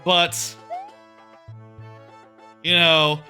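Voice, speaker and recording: Male streamer, thirties, rambling casual game-stream chatter, bright sharp voice, music faintly behind. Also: on the high side, little pitch movement, very slow. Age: 30s. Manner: rambling, many fillers and restarts. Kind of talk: casual live-stream chat while playing.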